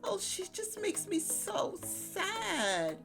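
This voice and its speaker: A woman's voice: mid-range voice, lively intonation, moderate pace, music in the background, lightly acted. A woman voicing a tired, hurt middle-aged mother in a life-sim game, weary and scolding.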